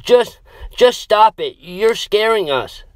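A man's voice: high voice, lively intonation, slow pace, fairly bright tone, no echo, pitched above the performer's own voice, exaggerated voice. A man doing a desperate, tearful young woman. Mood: distraught.

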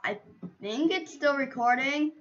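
A woman gaming streamer with a high, bright, sharp voice chats to viewers in a silly, wandering way. She talks slowly and drifts between jokes and asides. The sound is dull and lo-fi, as from a cheap computer mic. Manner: playful, rambling, silly asides. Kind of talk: casual gameplay chatter.

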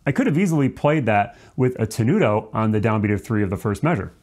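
His lowish voice has a darkish tone, and he's animated and fast. He's teaching music, breaking the rules down step by step and sometimes singing quick syllables as demonstrations.

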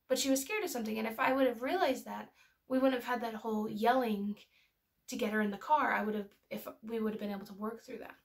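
A woman, a mother, talking casually and telling stories as she teaches parents, with many filler words. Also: a little high. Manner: chatty, storytelling, lots of filler words. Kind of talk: casual educational talk.

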